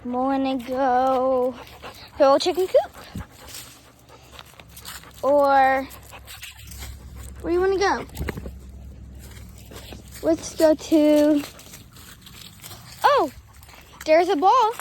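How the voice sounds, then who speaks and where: A woman's voice: very high voice, lively intonation, extremely slow, pauses often, slight background noise. A young girl playing outdoors with her dog, coaxing and chatting to him in a playful sing-song voice. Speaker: dog owner. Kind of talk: casual vlog talk to a dog. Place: outdoors in a yard.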